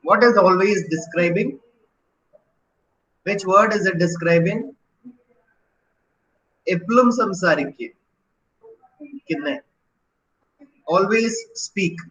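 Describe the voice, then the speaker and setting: A man's voice: sits high, slow pace, pauses often, a bit bright, roomy sound, dull audio. A man teaching an online grammar lesson, often asking questions and checking in with "right?". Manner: questioning, encouraging, repeats "right?".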